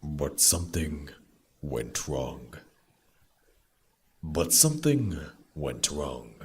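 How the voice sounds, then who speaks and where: A man voicing a grim male narrator for a game, with a slow, heavy delivery. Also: very deep voice, sing-song, exaggerated voice. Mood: grave.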